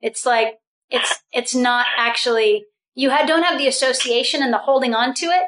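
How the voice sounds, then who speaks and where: High-voiced, animated woman spiritual teacher. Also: moderate pace, poor audio. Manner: animated and laughing often, restarts phrases. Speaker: spiritual group facilitator. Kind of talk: guided spiritual group session.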